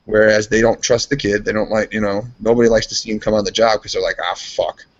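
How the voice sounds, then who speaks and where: A man's voice: lowish voice, flat delivery, fast talker. A man chatting casually as a guest, telling rambling work stories full of swearing. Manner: profane, rambling storyteller. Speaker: guest, steel mill worker. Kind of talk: casual chat. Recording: dull lo-fi podcast audio.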